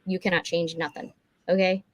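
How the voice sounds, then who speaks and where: A woman's voice: lowish voice, level tone, normal speed, dry recording. A woman hosting a casual livestream chat for her authors, chatty and businesslike, laughing often. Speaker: publisher and host.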